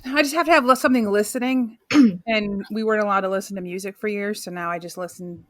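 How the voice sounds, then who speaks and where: A woman's voice: medium pitch, quick pace. A woman speaks with real enthusiasm in a casual podcast chat, leaning hard on her points. Her voice sounds dry and close with no room echo. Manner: enthusiastic, emphatic. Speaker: podcast co-host.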